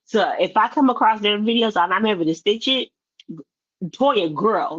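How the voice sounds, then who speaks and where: A woman's voice: mid-range voice, expressive, moderate pace, a bit bright. A woman giving a blunt, exasperated casual commentary rant about videos. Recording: slightly dull lo-fi audio.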